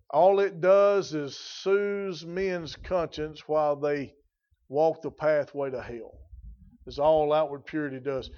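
A man's voice: on the high side, muffled recording. A man preaching a sermon in a folksy, emphatic way, his intensity rising and falling. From rural.

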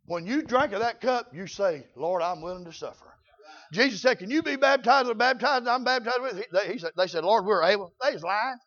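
Older preacher man, raspy high voice. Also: fairly quick, lo-fi sound. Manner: shouting, preachy, folksy. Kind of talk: sermon.

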